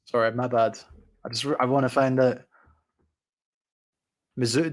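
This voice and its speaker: A man reading out and answering viewer comments on a live stream, relaxed and chatty, with lots of ums and uhs. His voice sits at an ordinary middle pitch for a man. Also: unhurried. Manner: relaxed, chatty, reads viewer comments aloud with many fillers. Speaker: boxing channel host.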